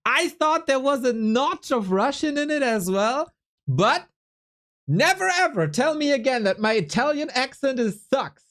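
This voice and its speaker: A woman's voice: sits high, animated, unhurried, fairly bright tone. A woman with a German accent, an esports caster chatting casually on a livestream, playful, laughing and swearing often.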